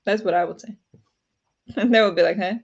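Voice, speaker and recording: This livestream host, from Flanders with Dutch as her first language, talks fairly quickly in a creaky, medium-pitched voice with a Flemish accent; the audio sounds dull. She streams casually from home at night, often laughing and reading the chat out loud.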